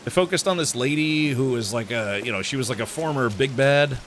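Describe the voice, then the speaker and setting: Chatting with his viewers during a live gaming stream, this man speaks briskly in a medium-pitched, fairly bright voice over a faint hiss or hum. His talk is casual and rambling, full of frequent laughter and restarted sentences.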